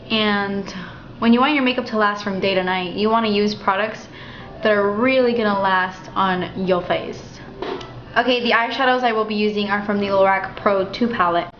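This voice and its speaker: A young woman walking through a makeup tutorial in a chatty, relaxed way at home. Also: mid-range voice, slight background noise. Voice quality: chatty, relaxed, thinking aloud. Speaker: beauty vlogger. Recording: dull, slightly roomy home recording.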